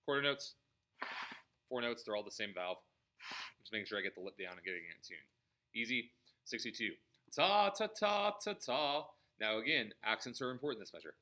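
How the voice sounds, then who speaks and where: A man's voice: fairly low pitch, quick pace, long pauses, bright, forceful tone. A man teaching a trumpet lesson, explaining measures and singing the rhythms aloud between bits of playing. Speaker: music teacher. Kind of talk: instrument practice lesson.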